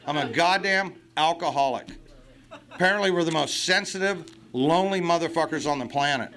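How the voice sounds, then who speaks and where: A man's voice: on the high side, a little fast, a bit bright. A man speaking at a recovery meeting, blunt and profane, with self-mocking humor. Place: meeting hall.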